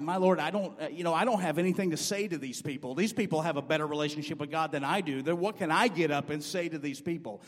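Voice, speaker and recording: A male pastor preaching a sermon, telling stories with rising excitement and repeating "amen" and "I guarantee you" to his congregation. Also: on the high side. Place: church sanctuary. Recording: long church hall reverb.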